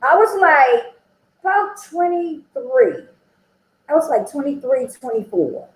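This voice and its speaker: A woman's voice: high voice, animated, slow, roomy sound, low-quality recording. A woman sharing her personal recovery story at a meeting, chatty and conversational, acting out the dialogue she quotes and often checking in with "okay?" and "you know?".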